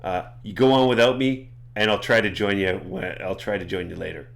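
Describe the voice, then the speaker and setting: A man voicing a calm, protective companion. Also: fairly low pitch, a little fast, creaky. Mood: reassuring. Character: steady, protective male companion.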